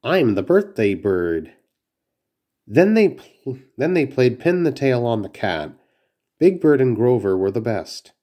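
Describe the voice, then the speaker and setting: Guy reading a kids storybook out loud, slow, mellow voice, stumbles a bit now and then. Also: mid-range voice, expressive. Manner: reads carefully, with small slips and restarts. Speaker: narrator. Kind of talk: children's storybook read-aloud.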